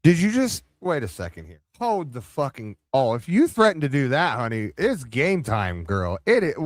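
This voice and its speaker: A man's voice: medium pitch, wildly swooping pitch, moderate pace, hardly any pauses, dry recording, studio quality. A man hosting a live reaction stream, rambling and taunting with heavy profanity.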